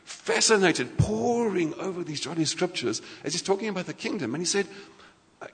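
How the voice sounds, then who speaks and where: Animated male preacher with a fairly high voice in a reverberant hall. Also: moderate pace. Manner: animated, conversational preaching with frequent restarts. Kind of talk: sermon. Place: church hall.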